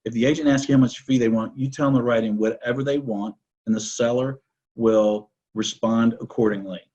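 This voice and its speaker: A real estate broker appears as a podcast guest, speaking in a steady, mellow mid-range voice at a brisk pace on a recording with the highs cut off. He tells stories assertively in a conversational interview, often checking in with a rhetorical "right?"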